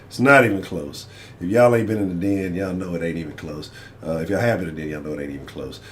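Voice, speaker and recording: A man's voice: low-pitched, quick pace, a little hiss or hum. A man hosting a casual sports talk livestream, rambling and swearing as he addresses his chat. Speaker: sports talk show host.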